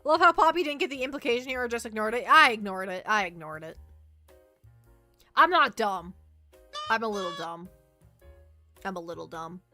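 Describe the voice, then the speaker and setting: Bright-voiced chatty woman streamer. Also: on the high side, moderate pace, long pauses, faint music behind. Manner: rambling, animated storytelling, reads chat aloud. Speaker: VTuber streamer. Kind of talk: casual livestream chat.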